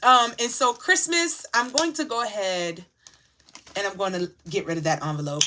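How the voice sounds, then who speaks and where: A woman's voice: mid-range voice, normal speed, pushed and bright, slight background noise. A woman hosting a casual budgeting vlog, chatty and emotional, talking straight to her viewers as she sorts her cash envelopes. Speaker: channel host sharing her budgeting routine.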